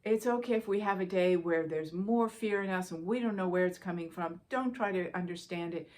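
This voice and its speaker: A woman spiritual teacher giving a gentle, reassuring guidance talk, speaking directly to her listeners and repeating key phrases for emphasis. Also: lowish voice, a little fast.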